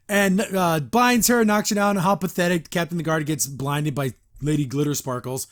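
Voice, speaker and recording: A man's voice: fairly high pitch, normal speed, hardly any pauses. A man giving a casual reaction review of a cartoon episode, rambling and sarcastic as he recaps it. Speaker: show reviewer.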